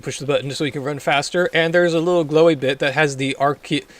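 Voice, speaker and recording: Wry, low-key gaming commentator man. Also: fairly even intonation, fairly quick. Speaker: gaming YouTuber. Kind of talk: casual let's-play commentary.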